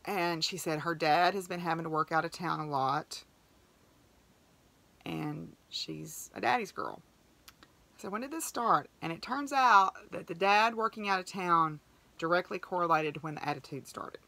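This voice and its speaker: A woman's voice: lowish voice, moderate pace, creaky, pushed and bright. A middle-aged woman, hosting a podcast and telling farm stories in a chatty, rambling, heartfelt way. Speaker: podcast host. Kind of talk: casual storytelling monologue.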